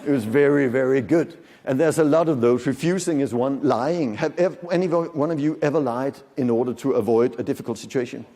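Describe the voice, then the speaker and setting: A man's voice: medium pitch, brisk, few pauses, dark tone. A man in his fifties giving a live conference lecture, talking conversationally with jokes and questions for the audience. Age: 50s. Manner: conversational, joking, quizzes the audience. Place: large conference hall. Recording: long hall reverb from the lecture room.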